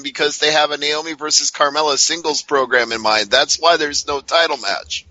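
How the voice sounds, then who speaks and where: A man's voice: on the high side, fairly even intonation, normal speed, sharp tone, no room sound. A man hosting a casual podcast chat, blunt and keeping the panel moving. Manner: blunt, moves the panel along. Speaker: podcast host. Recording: dull dry lo-fi audio.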